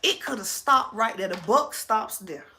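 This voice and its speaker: A woman vlogger chatting casually while braiding her hair, animated, blunt and full of slang and cursing. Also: on the high side, moderate pace, reverberant, slight background noise.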